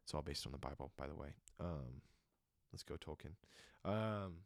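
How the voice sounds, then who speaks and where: On his solo podcast, a young man speaks in a rumbling, creaky low voice at normal speed, recounting a personal testimony. His delivery is earnest and emotional with plenty of fillers, shifting from jokes to reflection. The sound is clean studio audio with no echo.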